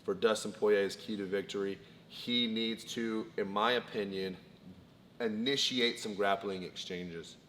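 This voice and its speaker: A man's voice: on the low side, fairly even intonation, measured pace, a bit bright. A man co-hosting a casual fight breakdown, laying out his points methodically and in order. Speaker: co-host, fight analyst. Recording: long reverb, faint background noise.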